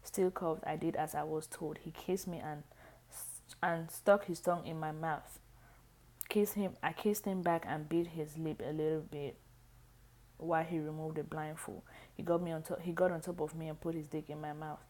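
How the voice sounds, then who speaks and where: A woman reading a book aloud, halting and often restarting lines. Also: low voice, steady tone, a little mellow. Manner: halting, frequent restarts and stumbles. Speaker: reader.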